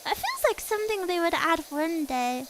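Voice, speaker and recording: A woman's voice: extremely high pitch, animated, moderate pace, background noise. A young woman streamer chatting casually while playing a game, giggly and reading chat aloud.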